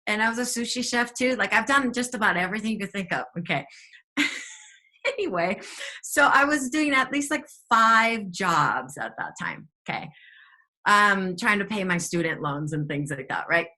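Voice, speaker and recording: A woman co-hosting a spiritual talk show, telling stories in a chatty, animated way. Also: medium pitch, moderate pace. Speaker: podcast co-host, teacher.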